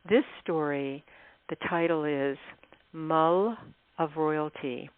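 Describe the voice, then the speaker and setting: A woman, a guest author, telling travel stories in a chatty interview, often laughing and clearing her throat. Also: deep voice, slow pace, no room sound. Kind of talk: casual interview storytelling. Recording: dry tinny phone line.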